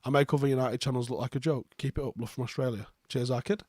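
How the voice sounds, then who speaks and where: A man's voice: mid-range voice, fairly even intonation, fast, darkish tone, no echo, clean studio sound. A young man, hosting a live football reaction stream, reading viewer comments and answering them bluntly with plenty of swearing and sarcasm.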